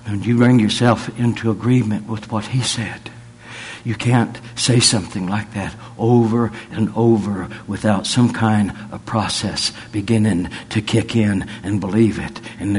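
Slow, low-voiced preacher. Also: male voice, fairly even intonation, darkish tone, slightly rough. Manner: drawling, folksy, rising to fervent declarations. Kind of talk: sermon with folksy storytelling.

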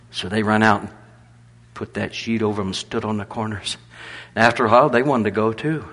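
A husky-voiced man preaches in a relaxed storytelling manner. His voice sits on the low side and he often chuckles through the tale. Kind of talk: storytelling sermon.

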